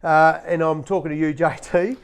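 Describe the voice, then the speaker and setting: A man's voice: fairly high pitch, steady tone, moderate pace. An Australian man co-hosting a podcast, bantering bluntly and cheekily with casual swearing. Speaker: podcast co-host.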